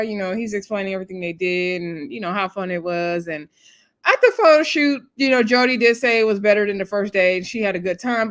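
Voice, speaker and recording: A woman's voice: medium pitch, fairly quick. A woman hosting a casual, chatty recap of a reality TV episode, talking in a laid-back way with laughing asides and lots of fillers.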